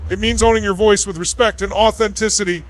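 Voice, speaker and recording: A man's voice: high voice, steady tone, fast, rough recording. A man delivering a scripted motivational speech in emphatic, punchy short phrases. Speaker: motivational speaker.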